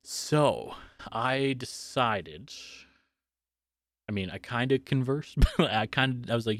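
A man's voice: medium pitch, takes it slowly, no room sound, studio quality. A young man co-hosting a podcast, chatting casually and joking at his own expense while reading posts aloud. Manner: joking, self-deprecating, laughs often. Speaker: podcast co-host.

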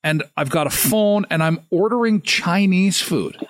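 A man from Canada hosts a casual talk show. His voice is a little high for a man and sounds dry and close to the mic. He jokes often, asks questions and circles back on his own words. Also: unhurried, no room sound. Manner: jokey, asks questions, repeats himself. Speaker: host. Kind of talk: casual chat.

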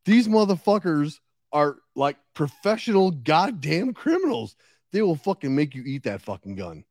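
Podcast co-host, male, fired-up and foul-mouthed, lively delivery, dry close mic. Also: a little high, normal speed, dry recording. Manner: profane, gets worked up and ranting. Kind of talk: casual chat.

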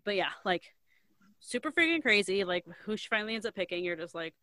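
A woman in casual chat, retelling a story in a rambling, animated way, filling every pause with "like". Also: mid-range voice. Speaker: co-host recapping a book.

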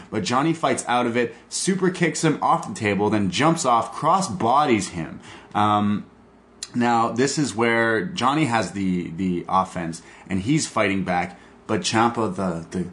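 A man hosting a podcast, excitedly recapping a wrestling show in casual chat, swearing and laughing. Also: on the low side. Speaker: podcast host.

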